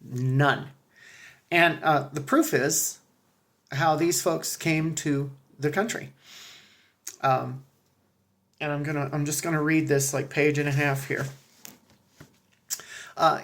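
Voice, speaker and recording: A man talking casually to his viewers, halting with fillers and restarts, then reading a passage aloud. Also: fairly high pitch, steady tone, fairly bright tone. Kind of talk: casual commentary with a read-aloud excerpt.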